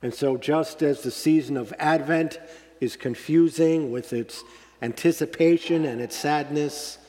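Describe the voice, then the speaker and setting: A male pastor delivers a sermon at an unhurried, measured pace. His voice sits a little higher than most men's and rises on emphatic lines. A long reverb from the church hall trails behind every phrase. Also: a little mellow. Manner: slow, deliberate preaching with emphatic rises.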